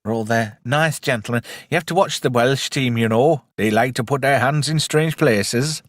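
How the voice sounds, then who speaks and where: A man's voice: mid-range voice, moderate pace, no echo. A man in a casual podcast chat, bawdy and joking, rambling from story to story. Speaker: podcast co-host.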